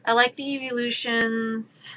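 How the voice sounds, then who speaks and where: Bright animated young woman streamer. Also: on the high side, a little slow, rough recording. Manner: rambling, animated storytelling. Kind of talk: casual chat while drawing. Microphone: streaming mic.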